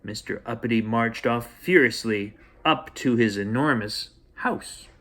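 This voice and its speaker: A man hosting and reading a bedtime story aloud in a gentle, playful way for children. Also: mid-range voice, measured pace. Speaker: storyteller host.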